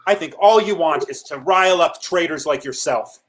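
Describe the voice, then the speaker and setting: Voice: medium pitch, moderate pace, close to an everyday voice. A performer playing an authoritarian father who gives cold, commanding orders in a stage reading. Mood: stern. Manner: cold and commanding, later anguished. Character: stern father, authoritarian official.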